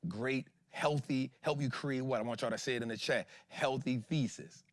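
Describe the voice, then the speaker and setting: A man's voice: mid-range voice, moderate pace, no room sound, studio quality. A man hosting an investing show in casual livestream talk, slangy and emphatic, throwing rhetorical questions at his viewers.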